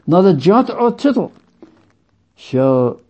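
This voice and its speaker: A man preaching a sermon slowly and with emphasis, repeating phrases for weight. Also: high voice, big pitch swings. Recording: dull lo-fi sound.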